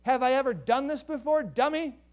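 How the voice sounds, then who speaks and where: A pastor voicing an exasperated talking donkey that scolds its owner with nagging, repeated questions. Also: male voice, very high-pitched, normal speed, pitched above the performer's own voice. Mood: indignant.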